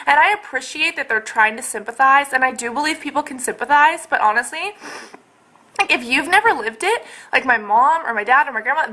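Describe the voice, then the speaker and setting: A woman's voice: sits high, sharp tone. A young woman in a casual video update at home, talking to her camera in a rambling, exasperated way full of fillers. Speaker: vlogger. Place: at home, indoors.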